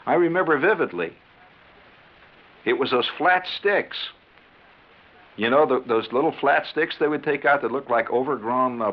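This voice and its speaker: A man telling a comic monologue on the radio in a rambling, conversational way with chuckling asides. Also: medium pitch. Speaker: radio storyteller. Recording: tinny 1970s radio broadcast.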